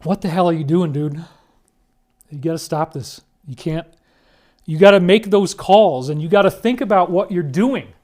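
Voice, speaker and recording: A man's voice: sits high, moderate pace, a little mellow. A man giving emotional commentary over photos, earnest and conspiratorial, at times pleading and choked up. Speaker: speaker presenting disclosure claims.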